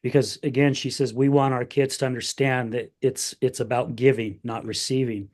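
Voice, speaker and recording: A man's voice: medium pitch, little pitch movement, moderate pace, darkish tone. A middle-aged man hosting a podcast, telling a heartfelt family story in casual chat, getting emotional and acting out the voices of his family. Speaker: podcast host.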